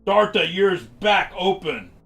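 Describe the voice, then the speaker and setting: A bewildered woman from another time speaks in scraps of broken English, as a man puts her on. Her voice sits high and loud, and every phrase comes out choppy and uncertain. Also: lively intonation, creaky, faint music behind, heavily acted. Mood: halting, puzzled. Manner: halting, fragmented speech. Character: confused adult woman from the future, halting broken English.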